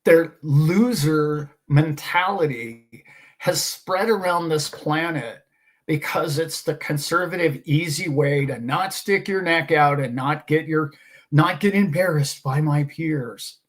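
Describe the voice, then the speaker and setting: A man with a slightly high voice holds forth on his own show. He talks in an emphatic, preachy way, scoffing at doubters between his points. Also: slow pace. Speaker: host. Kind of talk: casual monologue.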